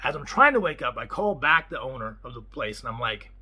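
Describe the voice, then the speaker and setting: Excitable man telling a story. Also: medium pitch, fairly quick, slightly rough, poor audio. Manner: animated, excitable retelling with acted-out quotes. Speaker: property manager. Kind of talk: casual vlog storytelling.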